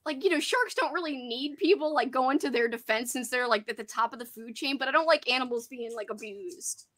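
A young woman hosts a casual live book chat in a bright, slightly high voice. She talks in quick, giggly runs and reads out viewer comments as she goes. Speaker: host of a horror book channel.

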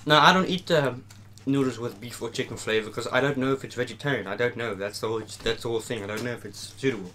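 A man's voice: mid-range voice, fast, a little hiss or hum. Rambling young Dutch-accented man, joking. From Netherlands. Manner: rambling, joking, trails off quietly. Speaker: mukbang host. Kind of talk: casual chat while eating.

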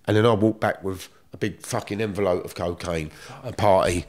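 Middle-aged london bloke, lowish voice, swears a lot, streetwise chat. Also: male voice, a little fast, hardly any pauses. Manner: blunt, swearing, streetwise slang. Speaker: guest. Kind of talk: casual storytelling.

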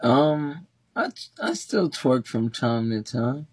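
A man's voice: mid-range voice, animated, slow, darkish tone, husky. A man chatting casually on a livestream, laid-back and thanking viewers by name.

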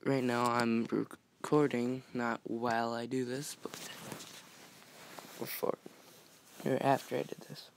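A man giving a casual screen-recorded game tutorial, talking softly and often near a whisper, rambling with restarts. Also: medium pitch, flat delivery, slow, vocal fry, pauses often, slight background noise. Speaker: mobile game modding tutorial maker.

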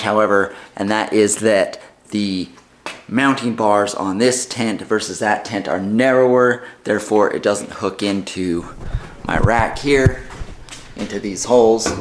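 A man's voice: on the low side, unhurried, slight background noise. A man in a home garage, chatting casually and thinking aloud as he works on a project. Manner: relaxed, chatty, thinking aloud while working. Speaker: DIY vlogger.

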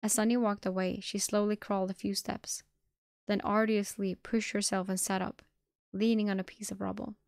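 A woman streamer reading a novel aloud with a dramatic delivery, sometimes breaking into excited reactions. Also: mid-range voice, moderate pace, dry recording, studio quality. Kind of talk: live-streamed audiobook reading.

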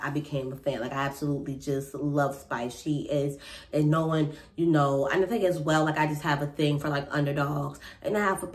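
A young woman casually recapping a reality TV episode in a rambling, chatty way with lots of fillers. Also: deep voice.

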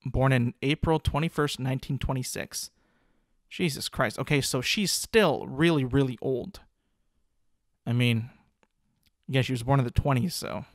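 A man's voice: medium pitch, measured pace, pauses often, no room sound, clean studio sound. A man hosting a casual solo podcast, rambling with lots of "like" fillers, restarts and casual swearing. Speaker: podcast host.

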